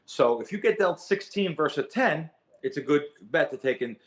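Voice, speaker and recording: A middle-aged man telling his story as a guest in a podcast interview, animated and repeating words as he gets going. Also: a little high, normal speed. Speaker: guest, sports bettor.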